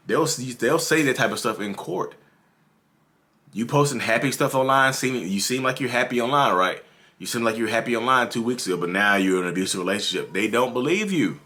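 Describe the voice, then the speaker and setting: A man's voice: mid-range voice, lively intonation, brisk, sharp tone. A man from North Carolina with a Southern drawl, talking earnestly and repetitively to his viewers as the host of his own channel. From North Carolina, USA. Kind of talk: casual advice monologue.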